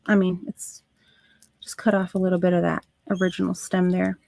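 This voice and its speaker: A woman hosting a live crafting stream, chatting to her viewers as she works, with soft asides under her breath. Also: fairly low pitch, little pitch movement, normal speed, gravelly, no room sound. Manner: talks to chat viewers while working, soft asides. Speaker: craft livestream host.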